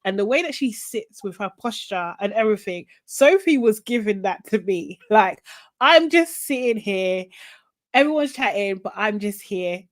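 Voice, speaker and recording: A woman co-hosting a podcast, recapping a TV show in animated casual chat, quoting people and swearing. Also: medium pitch, moderate pace, no echo. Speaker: podcast co-host.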